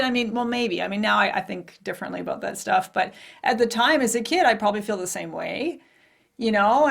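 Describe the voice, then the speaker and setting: A woman's voice: medium pitch, creaky. A woman hosting her own podcast and telling a personal story in a candid, conversational way. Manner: candid and conversational, swears casually. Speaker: podcast host and martial arts coach.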